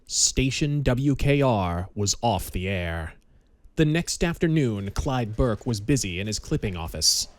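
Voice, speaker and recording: A man narrating a pulp audiobook in a measured, dramatic storytelling manner. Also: medium pitch, animated, no echo.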